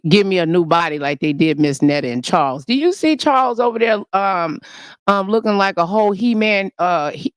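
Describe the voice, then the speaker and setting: A woman's voice: fairly low pitch, no echo, clean studio sound. A woman hosting a casual livestream, talking in a brash, profane, gossipy rant. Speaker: livestream host.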